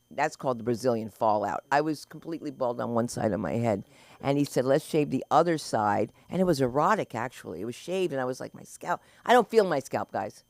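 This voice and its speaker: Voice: medium pitch, a little mellow, no echo. An open mic host joking with the crowd and introducing the next comic. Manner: quick, playful banter. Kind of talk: stand-up and emceeing.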